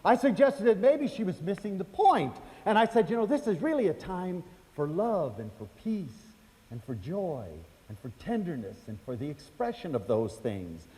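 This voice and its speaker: Animated older man telling stories. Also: high voice, normal speed. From United States. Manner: animated, acts out quoted voices, chatty fillers. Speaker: speaker telling personal stories. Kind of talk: storytelling lecture to an audience. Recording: hall reverb.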